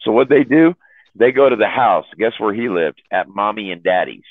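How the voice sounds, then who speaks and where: Deep voiced guy rambling thru a crude road story, swears a lot, sounds like a phone line. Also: lively intonation, moderate pace, no room sound. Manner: rambling, profane, laughs at own jokes. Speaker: chat room host telling stories. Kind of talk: casual storytelling on a call. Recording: dry, phone-like audio.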